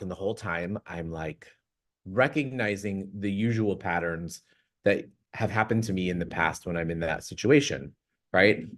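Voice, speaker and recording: Chatty man telling a story. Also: on the low side. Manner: chatty, rambling, laughs often, acts out quotes. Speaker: vlog host. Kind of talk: casual storytelling.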